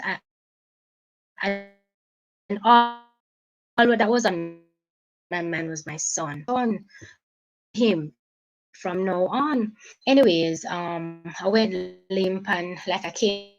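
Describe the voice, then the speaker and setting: A woman with a Jamaican accent, a guest giving an emotional personal account in halting speech, often repeating and restarting her phrases. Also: mid-range voice, lo-fi sound.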